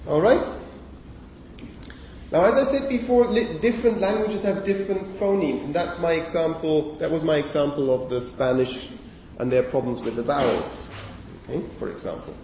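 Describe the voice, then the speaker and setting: A man's voice: on the high side, moderate pace, darkish tone, slight background noise. A man giving a university lecture on phonology, speaking conversationally, putting questions to the class and checking in with "okay?". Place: lecture hall. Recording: echoey lecture hall, mic at a distance.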